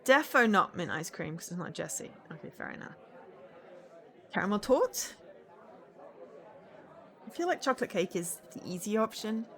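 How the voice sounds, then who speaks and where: A woman's voice: mid-range voice, big pitch swings, normal speed, long pauses, fairly bright tone, a faint crowd. A woman streamer reading a visual novel aloud, with playful, laughing asides.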